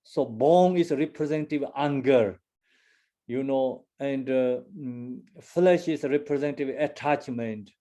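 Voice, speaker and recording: A man giving a Buddhist teaching in halting, broken English, full of fillers and restarts. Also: mid-range voice, mellow. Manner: second-language English with broken grammar. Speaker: dharma teacher.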